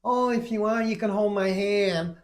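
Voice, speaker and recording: A man putting on the voice of an overly cheerful male hospital nurse, talking in a high, gushing sing-song. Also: normal speed, lightly acted. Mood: chirpy.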